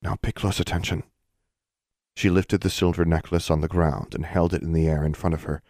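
Male audiobook narrator, deep, steady, dry close read. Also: fairly quick, no echo.

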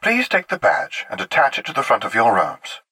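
A man's voice: fairly low pitch, wildly swooping pitch, moderate pace, bright, forceful tone, slightly rough, no room sound, pitched above the performer's own voice, full character voice. A man puts on a prim female announcer reading rules. The tone is formal and bureaucratic, raised above his own voice. The sound is close and dry.

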